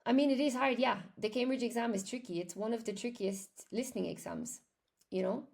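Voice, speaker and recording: Chatty Irish woman, gravelly edge. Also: on the high side, fairly quick, darkish tone. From Ireland. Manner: chatty, reads and answers viewer comments. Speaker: English teacher. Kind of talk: live stream chat with viewers.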